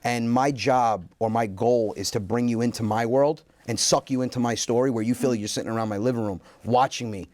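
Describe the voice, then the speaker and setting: Animated man telling stories, dry sound. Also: medium pitch, fairly quick, hardly any pauses, no room sound. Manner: animated storyteller acting out quotes. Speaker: guest comedian. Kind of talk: casual interview storytelling.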